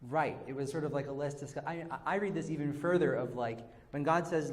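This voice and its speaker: A man's voice: mid-range voice, fast, few pauses. A man teaching as a rabbi, leading an interactive text study and taking questions, talking conversationally with frequent "sort of" and "right?".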